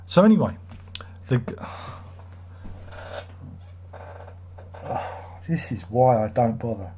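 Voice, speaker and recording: A man's voice: mid-range voice, sing-song, drawn-out words, pauses often, dark tone, a little hiss or hum. A man hosting a casual live stream, reading out viewer comments and joking in a rambling, self-mocking way.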